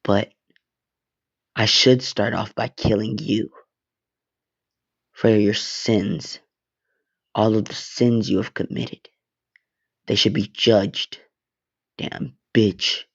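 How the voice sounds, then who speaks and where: A man's voice: lowish voice, steady tone, gravelly, slightly rough, lo-fi sound, exaggerated voice. A man voicing a vengeful teenage boy who mocks and threatens in a cold, sneering way. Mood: menacing. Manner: threatening, sneering, drawn-out menace.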